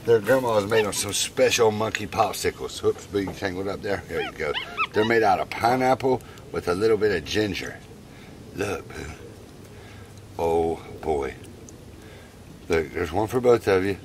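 A man's voice: low voice, lively intonation, moderate pace, pauses often, noisy background. A man narrating casually, doting on and coaxing his pet monkeys. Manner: doting, coaxing, talks to the animals, chuckles often. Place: outdoors at a picnic.

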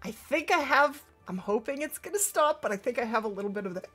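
A woman's voice: fairly high pitch, lively intonation, fast, a bit bright, breathy edge, faint music behind. Chatty woman streamer with hiccups. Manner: chatty, greets viewers by name, laughs often. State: has the hiccups. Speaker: livestream gaming host. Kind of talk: casual livestream chat.

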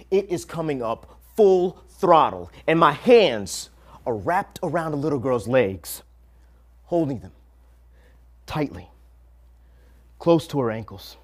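A man's voice: a little high, very animated, takes it slowly, long pauses. Man telling a dramatic spoken-word story. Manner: dramatic, rhythmic, swinging from hushed to loud. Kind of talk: spoken-word personal narrative.

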